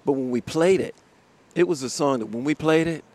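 A man, a musician guest in a live radio interview, telling animated stories and laughing often. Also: fairly high pitch, a little fast. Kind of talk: casual storytelling interview. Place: outdoors in front of a music studio complex.

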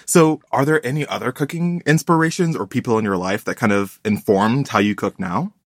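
A man hosting an interview, relaxed and quick to laugh, with brief backchannels between questions. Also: mid-range voice, dry recording, studio quality. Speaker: host.

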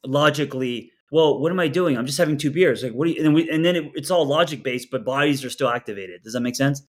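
A man coaching a couple through a therapy session, talking in an earnest, animated way and often repeating words as he starts a thought. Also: medium pitch, fast talker. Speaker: relationship coach.

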